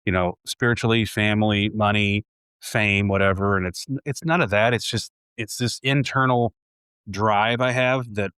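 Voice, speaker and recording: A man's voice: fairly low pitch, fairly even intonation, moderate pace, fairly bright tone, clean tone, dry recording, studio quality. A man in his forties, a home builder guest, talking casually and reflectively in a podcast conversation, with frequent restarts. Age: 40s.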